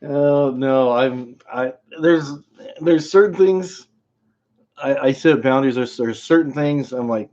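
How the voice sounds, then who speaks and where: A man's voice: medium pitch, takes it slowly, a little mellow, highs cut off. A man hosting a live stream in casual chat, rambling, laughing often and greeting viewers by name.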